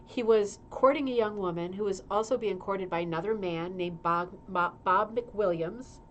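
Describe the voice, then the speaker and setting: A woman's voice: medium pitch, normal speed, highs cut off, a little hiss or hum. Chatty woman reading a magazine aloud. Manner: chatty, reads aloud with asides and laughs. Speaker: show host reading a magazine. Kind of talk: casual livestream chat. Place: indoor room with a humming heater.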